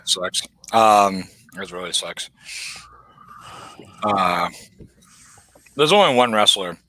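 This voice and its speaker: A man's voice: deep voice, lively intonation, takes it slowly, sharp tone, rough recording. Guy hosting a casual chat from home, swears a lot, laughs thru his stories. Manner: loose, swearing, laughing storyteller.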